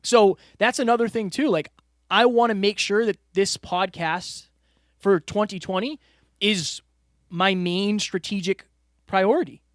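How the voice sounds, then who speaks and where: A man with a high voice co-hosts a casual podcast chat, earnest and reflective, turning to his listeners as he talks. The sound is dry and close, with no room echo. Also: a little slow, fairly bright tone. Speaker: podcast co-host. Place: studio room with a whiteboard.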